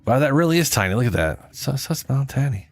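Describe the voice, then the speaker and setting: A man's voice: medium pitch, lively intonation, a little fast, husky. A man streaming a game in casual chat, sleep-deprived and rambling, cursing now and then.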